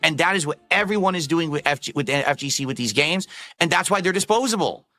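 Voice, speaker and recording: A man's voice: fairly high pitch, expressive, fast talker, sharp tone, soft background music. A man in a played clip ranting with exasperation and swearing about fighting games. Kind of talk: ranting commentary.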